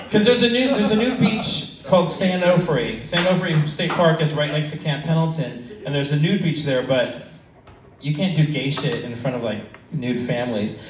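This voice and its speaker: A man's voice: a little high, background noise. A middle-aged man doing a stand-up comedy set at an open mic, telling crude stories in a rambling way with lots of fillers. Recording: echoey club from a distance. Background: audience laughter.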